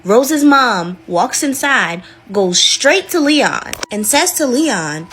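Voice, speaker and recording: A woman's voice: a little high, sing-song, slow pace, a bit bright, slight background noise. Chatty woman telling a dramatic story. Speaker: channel host, storyteller. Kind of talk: casual storytime narration.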